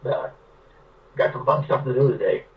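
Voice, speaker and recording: A man voicing a blunt, gravelly old male rancher with a heavy Basque accent. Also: mid-range voice, normal speed, far from the mic, highs cut off, lightly acted. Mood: matter-of-fact.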